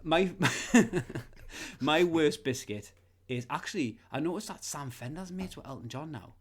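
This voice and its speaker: A man's voice: on the high side, animated, measured pace, husky. A man co-hosting a podcast, rambling through crude casual banter, swearing and laughing often. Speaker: podcast co-host.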